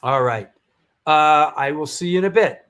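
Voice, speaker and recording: Man, high-pitched, host, rambling, jokey, stumbling. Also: normal speed, a bit bright, clean tone. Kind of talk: live show announcements.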